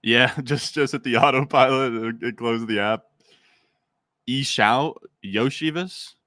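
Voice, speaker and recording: A man's voice: mid-range voice, steady tone, normal speed, sharp tone, no echo. A young man streaming a fantasy football draft, chatting casually with his chat and rambling through fillers.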